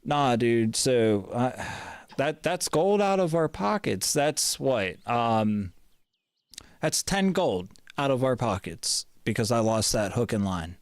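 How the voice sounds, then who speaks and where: A man streaming a game live, grumbling and swearing, his voice swinging between loud gripes and quiet mutters. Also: medium pitch, lively intonation, takes it slowly, smooth, dry recording. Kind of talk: live gameplay chat.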